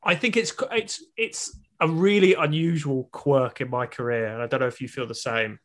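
A man's voice: medium pitch, normal speed. A man, a stand-up comedian, musing in casual chat with a self-deprecating manner.

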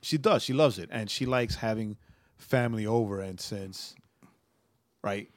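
A man's voice: lowish voice, unhurried, dry recording, studio quality. Laid-back male podcast co-host. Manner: laid-back, laughs easily. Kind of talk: casual podcast chat.

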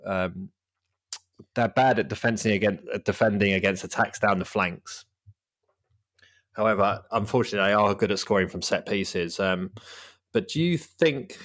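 A man's voice: lowish voice, dry recording, studio quality. A man hosting a casual football podcast, rambling and laughing often. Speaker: podcast host.

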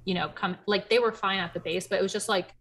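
A young woman hosting a casual chat, telling stories in an animated way, full of "like" and quick laughs. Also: mid-range voice. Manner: animated storyteller, heavy on "like", laughs often. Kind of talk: casual chat recapping a reality show.

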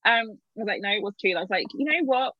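A woman's voice: mid-range voice, animated, very fast, dry recording. A woman in an interview, a literary agent telling stories candidly and acting out her own past remarks with lots of laughter. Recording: dull, dry sound.

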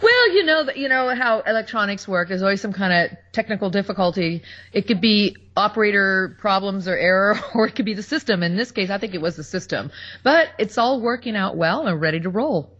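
A woman's voice: medium pitch, expressive, a little fast, a bit bright, highs cut off. A woman guest on a radio talk show, talking in a chatty way and laughing often. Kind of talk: casual interview.

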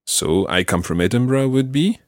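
A man teaching a French lesson, patiently modelling each phrase slowly and clearly for a learner. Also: mid-range voice, lively intonation, no echo, clean studio sound.

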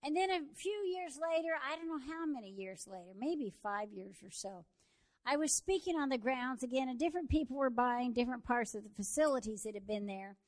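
A woman preaching a sermon, telling a story and building to fervent shouts. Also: sits high, expressive, fairly quick.

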